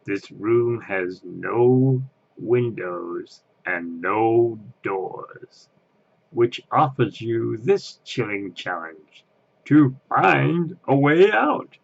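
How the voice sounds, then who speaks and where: A man voicing a solemn, ghostly male ride host with a slow, ominous delivery. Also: medium pitch, animated, creaky, highs cut off, heavily acted.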